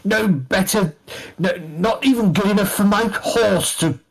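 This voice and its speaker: A man's voice: high voice, unhurried, vocal fry, husky, pitched above the performer's own voice, exaggerated voice. A man putting on a sneering snobbish fop. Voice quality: haughty, disdainful.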